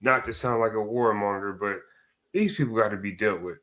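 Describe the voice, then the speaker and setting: A man's voice: lowish voice, brisk, a bit bright. A man giving a heated, profane reaction rant as a commentator, cursing and restarting his sentences as he goes.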